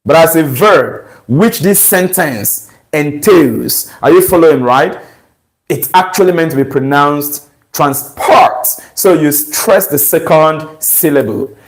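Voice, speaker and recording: A man's voice: fairly high pitch, expressive, rough recording. A man teaching English grammar, walking through exam questions and checking with rhetorical questions. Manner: slow, deliberate, asks rhetorical checks.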